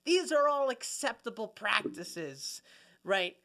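A man co-hosting a podcast in casual comedic chat, animated and profane, rambling with many restarts. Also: high-pitched, takes it slowly, creaky. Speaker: podcast co-host.

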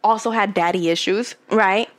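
A woman telling a personal story in a casual chat, animated and swearing a lot as she gets heated. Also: mid-range voice, moderate pace. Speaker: podcast guest telling her story.

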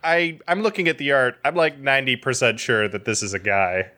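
A man's voice: medium pitch, a little fast, bright, forceful tone. A man in a casual podcast chat who asks playful, quizzical questions.

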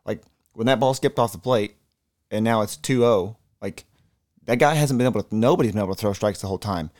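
A man co-hosting a casual sports podcast, telling excited, profane stories. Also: on the low side, brisk. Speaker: podcast co-host.

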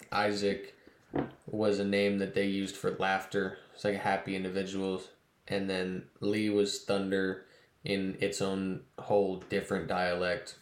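A young man guest in a casual chat, relaxed and easygoing as he tells stories. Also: sits low. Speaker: guest, fighter. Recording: roomy echo, faint noise.

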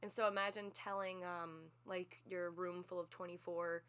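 A young woman from Texas co-hosting a podcast, telling stories in a casual, animated way. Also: on the low side, moderate pace. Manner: animated storytelling with bursts of laughter. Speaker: podcast co-host. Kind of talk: casual chat.

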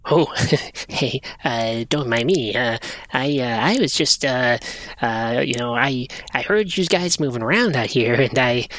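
A man's voice: mid-range voice, measured pace, a bit bright, voice pushed down, natural voice. Man doing a nervous rambling gremlin, small creature, keeps stalling with uhs. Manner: stammering, full of uh and you know. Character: nervous rambling little male blue gremlin.

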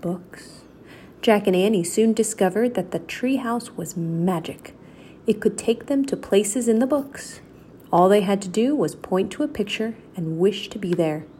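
A woman with a comfortable mid-range pitch reads a children's chapter book aloud at a moderate pace. Her storytelling is steady and clear, like classic storybook narration. A faint hiss lingers in the background.

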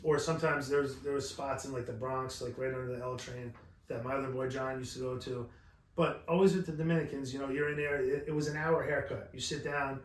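A man's voice: mid-range voice, brisk, a little hiss or hum. A man from New York, co-hosting a podcast, telling stories in a rambling, profane, casual way. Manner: rambling, profane, animated storytelling. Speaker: podcast co-host. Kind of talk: casual chat. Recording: roomy echo.

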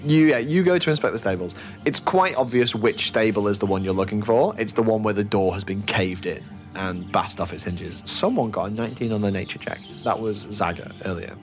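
A man's voice: lowish voice, fairly quick, hardly any pauses, faint music behind. A man narrating as game master in an easygoing, hesitant manner. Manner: easygoing, hesitant, many fillers and restarts.

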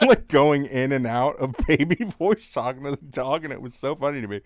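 A man in his thirties chatting casually as a podcast co-host, an animated storyteller who laughs often. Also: medium pitch, fairly quick, no room sound, studio quality. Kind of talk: casual chat.

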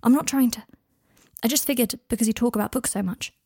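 A woman's voice: a little high, quick pace, dark tone, slightly rough, no echo, clean studio sound. A woman voicing a miserable young man in his twenties, speaking hesitantly and often in a whisper.

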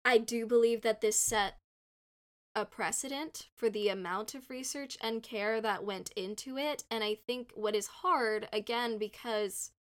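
A woman's voice: a little high, fairly bright tone, clean tone. A young woman co-hosting a podcast, talking in a rambling, casual way, full of "like" and restarts. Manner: rambling, heavy use of "like", frequent restarts. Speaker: podcast co-host. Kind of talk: casual discussion.

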